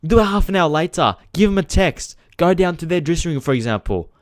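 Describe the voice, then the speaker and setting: A football channel host with a fairly high voice rants quickly and with lively intonation on a casual live stream. Frustrated, he swears freely and addresses viewers directly. The recording is dry and studio quality.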